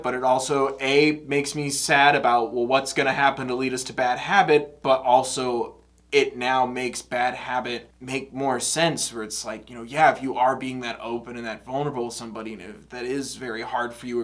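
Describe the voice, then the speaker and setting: A man hosting a music reaction video, switching between soft, reflective talk and loud, laughing outbursts and poking fun at himself. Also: medium pitch. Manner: excitable, self-mocking, laughs often. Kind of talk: casual reaction commentary.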